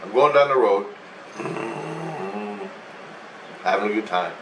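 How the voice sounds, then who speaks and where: A man's voice: fairly low pitch, animated, slow pace. A man casually recounting a dream, meandering and swearing freely as he goes. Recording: echoey room, distant mic, faint hum.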